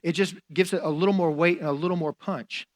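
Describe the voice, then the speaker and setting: A man's voice: fairly high pitch, fairly even intonation, fast talker. A man preaching a sermon as a pastor, in a conversational style with fillers and casual asides.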